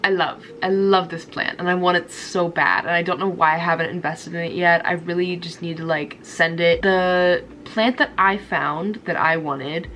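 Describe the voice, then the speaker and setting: A woman's voice: fairly low pitch, steady tone, normal speed, few pauses, fairly bright tone, slight background noise. A young woman vlogging about her houseplants, chatty and gushing, with a stuffy nose from a cold. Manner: chatty and gushing, frequent "like" and laughs. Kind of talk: casual chat to camera.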